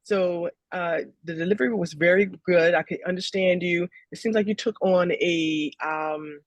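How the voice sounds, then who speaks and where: A woman's voice: fairly low pitch, normal speed, no room sound. Woman giving upbeat feedback in a dry room. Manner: upbeat, laughs, repeats herself. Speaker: talent manager.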